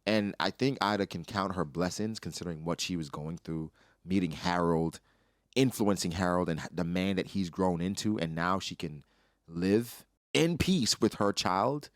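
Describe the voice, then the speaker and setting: A man's voice: deep voice, moderate pace, dry recording, studio quality. A young man hosting casual commentary, breaking down a comic chapter and acting out character lines in his own voice. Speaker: anime reaction host.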